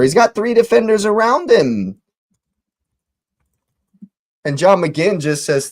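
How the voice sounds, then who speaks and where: A man's voice: on the high side, sing-song. A man hosting a live football watch-along, reacting to the match in disbelief and repeating his phrases. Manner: exasperated, repeats phrases, slow deliberate delivery.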